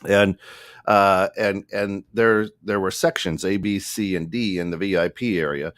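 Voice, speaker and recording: A man's voice: deep voice, a little slow, no echo. Laughing man telling a story, dry sound. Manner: animated, laughing, acts out voices in anecdotes. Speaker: podcast co-host. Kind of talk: casual storytelling. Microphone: studio microphone.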